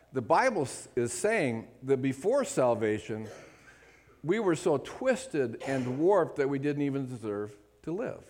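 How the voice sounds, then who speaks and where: A male pastor preaching a sermon, often checking in with his listeners and swinging between loud emphatic lines and quiet asides. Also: fairly high pitch.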